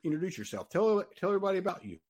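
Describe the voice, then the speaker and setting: A man with a Southern US accent hosting a podcast with energetic, hyped-up salesman delivery. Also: sits high, racing. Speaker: podcast host.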